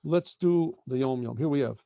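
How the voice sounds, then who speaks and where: A middle-aged man, a rabbi teaching a casual daily lesson, who often clears his throat and corrects himself as he goes. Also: medium pitch, normal speed, mellow, dry recording. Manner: frequent throat-clearing, self-correcting and meandering.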